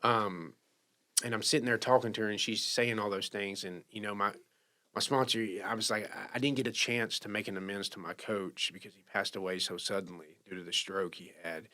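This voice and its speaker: A man talks through a personal story in a low, unpolished voice. He speaks haltingly and with feeling, often repeating himself and starting over mid-sentence. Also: fairly even intonation, sharp tone. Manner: emotional, halting, many restarts. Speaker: podcast guest sharing recovery story. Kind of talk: casual storytelling.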